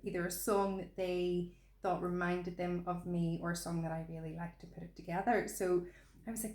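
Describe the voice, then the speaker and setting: A woman's voice: fairly low pitch, measured pace, mellow. A woman co-hosting a podcast, telling stories in a chatty, giggly way. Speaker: podcast co-host. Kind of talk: casual chat. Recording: roomy echo.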